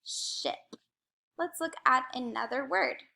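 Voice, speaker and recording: A young adult woman teacher slowly modeling letter sounds in a phonics lesson. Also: high voice, vocal fry, pushed and bright. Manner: slow, careful modeling of sounds.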